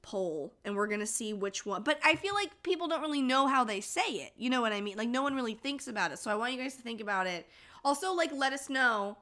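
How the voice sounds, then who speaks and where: Woman podcast cohost, kinda high bright voice, teasing and swearing a lot. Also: fast. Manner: animated, teasing, swears freely. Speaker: podcast co-host. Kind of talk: casual chat.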